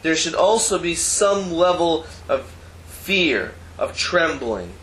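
A Torah teacher gives a Talmud class lecture in an echoey room, explaining the text line by line and mixing Hebrew terms with casual asides. His voice is on the high side with big pitch swings, a slow pace and a fairly bright tone, and the recording has roomy echo and faint background noise.

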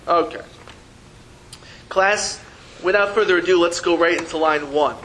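Slow, bright-voiced male Hebrew teacher. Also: fairly high pitch, rough recording. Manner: patient, repeats syllables slowly for students, playful teasing. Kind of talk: classroom reading lesson.

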